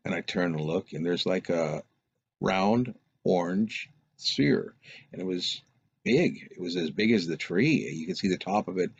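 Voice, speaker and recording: Husky-voiced man rambling through a story. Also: low-pitched, no echo. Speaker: storyteller recounting a personal experience. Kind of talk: casual spoken anecdote. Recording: dull lo-fi recording.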